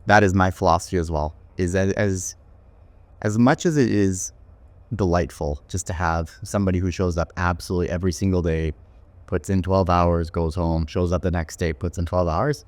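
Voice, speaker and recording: Thoughtful podcast host, man, low voice, dry close mic, keeps checking in with the guest. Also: steady tone, moderate pace, dry recording. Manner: thoughtful, many "right?" tags and restarts. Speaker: podcast host and company owner. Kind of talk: casual podcast interview.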